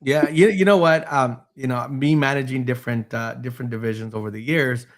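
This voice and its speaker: A man's voice: medium pitch, a little fast. A man hosting a panel talk on code enforcement, rambling with many restarts and the occasional laugh. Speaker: host, building official. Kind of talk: panel discussion.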